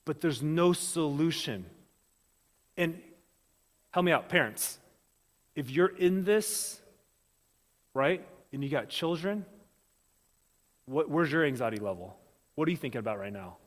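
A man preaching a sermon as pastor, lively and animated, acting out the voices of the people in his story. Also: a little high, long reverb tail.

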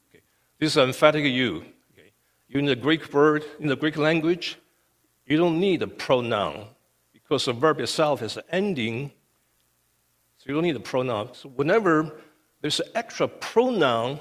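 A male pastor preaches emphatically in a church sanctuary, frequently checking in with "okay." His voice sits on the high side, animated and at normal speed, with the long reverb of a church hall.

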